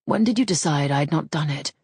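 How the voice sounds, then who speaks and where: A woman voicing a lazy, teasing rogue of a gentleman. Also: low voice, animated, fast, slightly rough, no room sound, clean studio sound, exaggerated voice. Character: teasing, roguish gentleman swordsman, adult man. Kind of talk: audiobook character voice.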